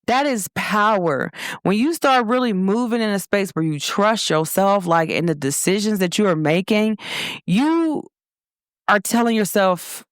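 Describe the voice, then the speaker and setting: A woman delivers an animated motivational talk. She is expressive and earnest and speaks at a middling pitch. The sound is close and dry. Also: measured pace, no echo. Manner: expressive, animated storytelling with laughs and quoted voices. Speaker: show host. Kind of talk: motivational monologue.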